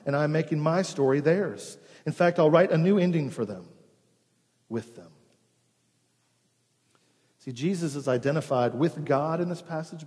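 Man preaching, earnest, drops to hushed slow emphasis, slightly breathy voice, somewhat high pitch. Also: long reverb tail. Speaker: pastor. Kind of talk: sermon.

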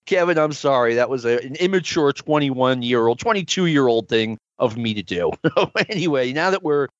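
A man's voice: medium pitch, expressive, normal speed, dry recording. A middle-aged man hosting a podcast, telling stories in casual chat and laughing often as he talks. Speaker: podcast host. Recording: dull, dry lo-fi audio.

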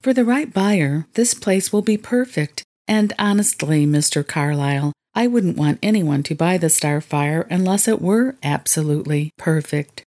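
A woman voicing a gracious, composed young woman who owns a retreat, in a low voice. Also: moderate pace, few pauses, warm tone, natural voice.

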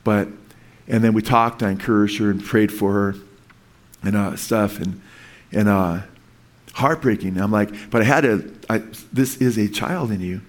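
A man's voice: lowish voice, a little slow. A man preaching a sermon in an earnest, rambling way, with frequent restarts and asides to his listeners. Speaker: pastor.

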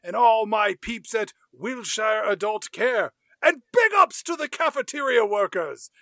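A man voicing a childlike grown man who eagerly reels off shout-outs. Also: high voice, a little slow, dry recording, studio quality, pitched above the performer's own voice, exaggerated voice. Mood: giddy. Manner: excited, giving shout-outs.

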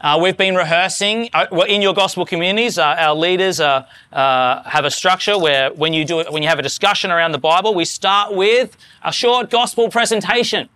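Male pastor, higher register, bright sharp tone, dry close sound, earnest sermon delivery. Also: a little fast, few pauses, smooth, no room sound. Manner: earnest, rising to fervent emphasis on quotes.

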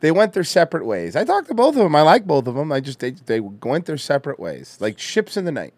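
A man's voice: a little high, huge pitch swings, fairly quick, darkish tone, no echo. A man hosting a podcast in loose, laughing, profane banter. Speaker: podcast host. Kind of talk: casual chat.

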